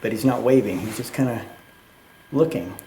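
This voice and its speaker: A man tells a spooky tour story in a warm, mellow voice, acting out the lines of the people in it. His voice rings in a roomy underground tunnel. A faint hiss sits under it all. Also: mid-range voice, normal speed. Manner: animated retelling with acted quotes. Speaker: tour guide. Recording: echoey tunnel, faint noise.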